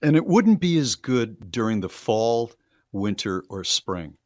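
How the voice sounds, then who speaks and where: An older man from Connecticut, a radio host reminiscing in relaxed, rambling casual chat. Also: fairly low pitch, a little slow, no room sound, clean studio sound.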